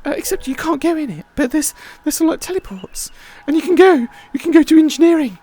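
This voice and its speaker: A woman's voice: high-pitched, animated, a little fast, warm tone, dry recording. A woman hosting a livestream, chatting in a rambling, casual way with many fillers. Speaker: livestream host.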